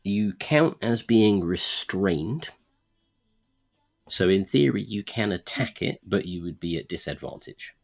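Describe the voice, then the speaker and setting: Deep-voiced game master, slow and amused. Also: male voice, lively intonation, vocal fry, soft background music. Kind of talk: narrating a tabletop game.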